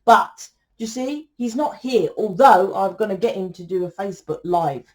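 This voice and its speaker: A woman's voice: medium pitch, moderate pace. A woman giving a casual tarot reading, talking bluntly and lecturing the viewer, with plenty of swearing. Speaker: tarot reader.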